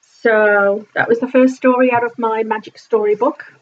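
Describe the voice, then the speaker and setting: A woman vlogger telling a story in an animated, indignant way, swearing freely. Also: on the high side, moderate pace. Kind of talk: casual storytime vlog. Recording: slightly dull lo-fi sound.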